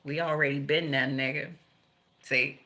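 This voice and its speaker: A woman's voice: low-pitched, steady tone, unhurried, sharp tone. Profane, rambling older woman reader. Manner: profane, rambling, laughing often. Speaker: tarot reader. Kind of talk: casual spiritual reading.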